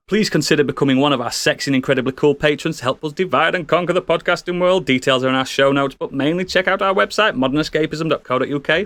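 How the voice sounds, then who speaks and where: A man's voice: on the high side, a bit bright, no room sound. A man hosting a podcast, giving playful jokey introductions. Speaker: podcast host. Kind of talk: casual chat.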